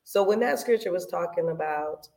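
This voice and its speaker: A woman on a faith podcast, telling her story in a lively, preachy way and acting out her own prayers. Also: fairly low pitch, normal speed. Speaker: podcast co-host. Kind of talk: casual faith podcast talk.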